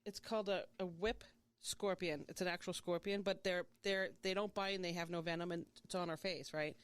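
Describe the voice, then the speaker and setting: A woman hosts a podcast in loose, casual conversation. She gushes and gets excited easily, and she drops the occasional swear word. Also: fairly low pitch, fairly quick, clear, resonant tone. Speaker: podcast host. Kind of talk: casual chat.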